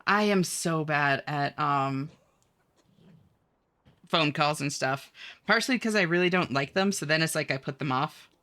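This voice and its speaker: Giggly and chatty, this gaming streamer reads out her chat and responds to viewers in easygoing conversation. She speaks low and unhurried, pausing often, with a bright, forceful tone.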